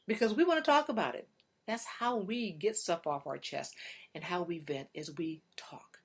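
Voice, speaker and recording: A woman working as a relationship coach, talking directly to viewers in a chatty, animated way. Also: mid-range voice, normal speed, breathy edge. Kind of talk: casual direct-to-camera talk.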